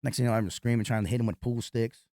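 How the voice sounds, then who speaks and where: Fast-talking man telling bar stories. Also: mid-range voice, no echo. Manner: profane, animated retelling of a fight. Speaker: nightclub bouncer. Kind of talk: storytelling in an interview.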